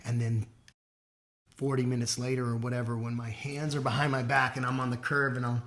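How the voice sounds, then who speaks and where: A man from southern California, a guest in a casual interview, telling his story in an animated way, with sudden jumps in pitch and loudness as he acts out his past thoughts. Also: quick pace.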